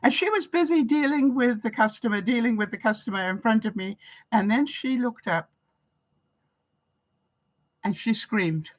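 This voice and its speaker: A woman's voice: on the high side, animated, moderate pace, pauses often, low-quality recording. A woman vlogger from Canada, telling stories in a live-stream chat with viewers, laughing often and acting out the voices she quotes.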